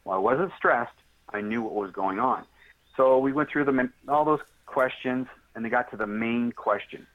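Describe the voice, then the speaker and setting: A man's voice: medium pitch, normal speed. A man on a tinny, phone-like line, telling a story plainly and directly, with a middle-range voice. He acts out what others said as he goes. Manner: animated, straightforward storyteller acting out dialogue. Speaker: interview guest. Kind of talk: storytelling in a podcast interview.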